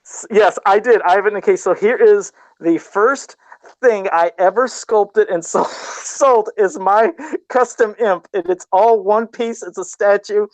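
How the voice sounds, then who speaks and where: A man's voice: high-pitched, unhurried, dry recording. A middle-aged man in casual podcast chat, laid-back and self-deprecating, often laughing at himself while talking about toy customs.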